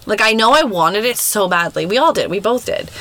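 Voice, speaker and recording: A woman's voice: medium pitch, expressive, a little fast, fairly bright tone, poor audio. A woman in her thirties co-hosting a podcast, speaking frankly with jokes and frequent laughter. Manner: frank, joking, laughs often. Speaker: podcast co-host. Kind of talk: casual chat.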